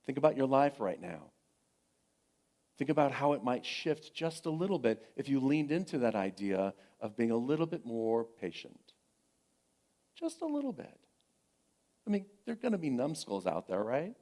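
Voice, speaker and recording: Gentle, encouraging middle-aged male minister. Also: mid-range voice, very animated, normal speed. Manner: gentle, encouraging, repeats phrases; conversational, tells family stories. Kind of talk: sermon.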